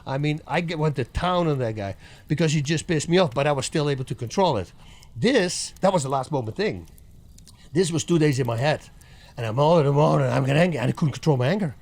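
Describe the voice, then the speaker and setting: A middle-aged man, a guest on an interview, telling stories in a lively casual way, laughing often and acting out what people said. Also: fairly high pitch, quick pace. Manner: animated storyteller, laughs often, acts out quotes. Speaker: guest, former fighter.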